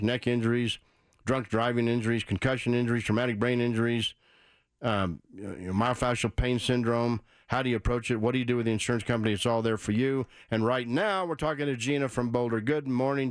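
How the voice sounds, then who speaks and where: A man's voice: mid-range voice, fairly even intonation, quick pace, no room sound. A male radio show host presses his points with urgency, repeating himself for emphasis. His voice sits in a middle range. The studio mic sounds close and dry. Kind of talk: radio call-in show talk.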